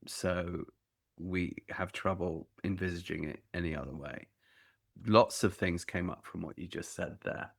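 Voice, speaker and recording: Gravelly very low male podcast host. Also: fairly even intonation. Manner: halting, repeats words as he starts. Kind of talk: casual interview chat.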